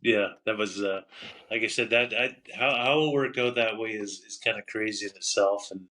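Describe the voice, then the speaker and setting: A man's voice: on the low side, moderate pace, sharp tone, rough recording. A middle-aged man and former hockey goalie, a podcast guest who tells a long, rambling story. He keeps repeating "I said" and "he goes" and chuckles as he goes. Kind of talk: casual storytelling interview.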